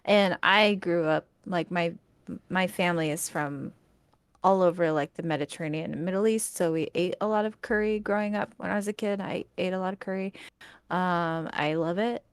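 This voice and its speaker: Animated woman in casual chat. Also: fairly low pitch, normal speed, smooth, no room sound. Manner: animated, laughs often, swears casually.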